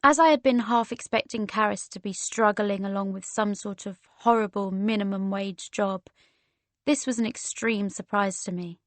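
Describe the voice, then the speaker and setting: A woman narrating a romance audiobook in the first person, in a measured storytelling manner. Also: mid-range voice, no echo.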